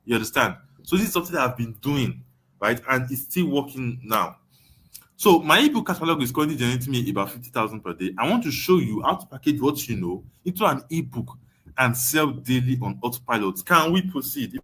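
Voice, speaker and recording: A man's voice: medium pitch, very animated, brisk, a bit bright, breathy edge. Emphatic Nigerian man teaching a webinar. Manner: emphatic, repeats phrases, asks "you understand?". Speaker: online course tutor.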